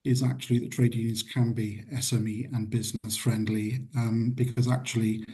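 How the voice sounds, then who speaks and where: A man's voice: medium pitch, level tone, normal speed, mellow. A man being interviewed about trade union work, answering earnestly and restarting his words often. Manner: hesitant, repeats words, earnest.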